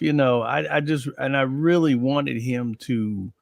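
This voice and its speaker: A man's voice: medium pitch, unhurried, vocal fry, a little hiss or hum. A man in a conversational chat, earnestly recalling a late friend and acting out their talks, with many repeated words. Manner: animated, quotes himself and his friend at length, repeats words. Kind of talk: emotional conversational recollection.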